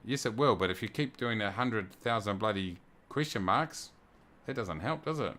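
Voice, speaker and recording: Low-voiced New man chatting on stream. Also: animated, normal speed, fairly bright tone. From New Zealand. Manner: chatty, reads viewer messages aloud and thanks them. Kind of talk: casual livestream chat.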